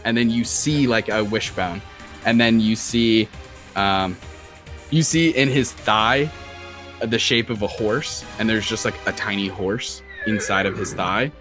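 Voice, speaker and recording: A man's voice: fairly low pitch, unhurried, a bit bright, faint music behind. A young man narrating a tabletop game as dungeon master, loose and casual. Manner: loose, casual, many fillers.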